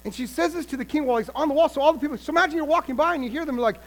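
A man preaching a sermon, retelling a story with animated storytelling that swings from loud to hushed. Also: very high voice, very fast, poor audio.

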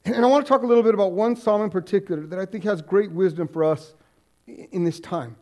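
A man's voice: high-pitched, quick pace, darkish tone. A man preaching a sermon as pastor, in an earnest, heartfelt way.

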